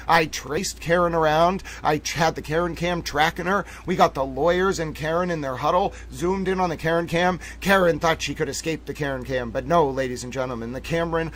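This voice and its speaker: A man hosting a livestream, joking through comedic live commentary in a theatrical mock nature-documentary manner and calling out to "ladies and gentlemen" again and again. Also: fairly high pitch. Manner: repeats "ladies and gentlemen" often. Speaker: livestream host.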